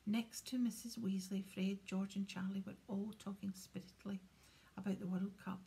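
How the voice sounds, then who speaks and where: A woman reading a fantasy novel aloud in a steady, hushed whisper. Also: medium pitch, moderate pace, vocal fry. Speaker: audiobook reader. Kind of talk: whispered audiobook narration.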